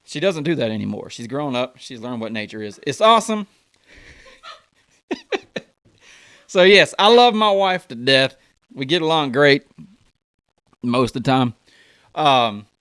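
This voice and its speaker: A man's voice: no echo, clean studio sound. A young man doing stand-up comedy, telling a story and acting out the voices of the people in it. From United States. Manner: animated, acts out voices with big pitch jumps.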